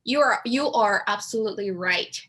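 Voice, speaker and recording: Woman in her 20s, Lao accent, bright sharp tone, interviewer, encouraging, casual chat. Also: mid-range voice, normal speed. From Laos. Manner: encouraging, frequent backchannel.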